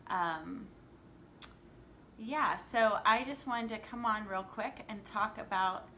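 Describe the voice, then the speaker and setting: A woman's voice: mid-range voice, takes it slowly, sharp tone. A woman hosting a casual live stream as a life coach, upbeat and greeting her viewers by name as they join. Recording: echoey room with faint background noise.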